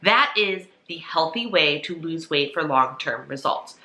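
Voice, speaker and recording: A woman's voice: deep voice, expressive, unhurried, bright, forceful tone. A woman in her thirties chatting earnestly and emotionally to her viewers in a casual vlog at home. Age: 30s. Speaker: vlogger. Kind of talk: casual chat.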